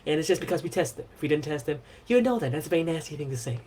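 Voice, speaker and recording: A man's voice: fairly high pitch, expressive, very fast, a little mellow, a little hiss or hum, close to an everyday voice. A man impersonating a boastful, defensive older male politician at a press briefing, repeating himself.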